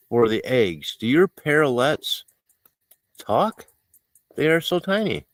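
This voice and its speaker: Speaking a little slowly, this male livestreamer has a fairly high, slightly bright voice with big pitch swings. He reads viewer comments and chats casually, rambling, mocking himself, laughing frequently and filling gaps with fillers; there's no room sound.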